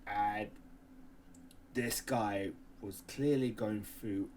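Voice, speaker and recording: A man co-hosting a podcast in casual chat, animated, often exclaiming and swearing, trailing off mid-sentence. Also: lowish voice, extremely slow, a little hiss or hum. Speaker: podcast co-host.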